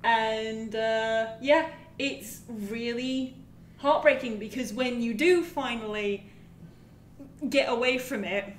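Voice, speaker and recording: A woman co-hosting a casual podcast about games, telling a horror story in an animated, profane way. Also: a little high, takes it slowly, reverberant, a little hiss or hum. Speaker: podcast co-host.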